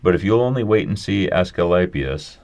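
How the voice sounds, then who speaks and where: A man's voice: low voice, lively intonation, normal speed, darkish tone, pitched above the performer's own voice. A man voicing a polished, overly polite reception clerk at heaven's gate in a storybook reading. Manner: smooth, polite and precise, growing weary.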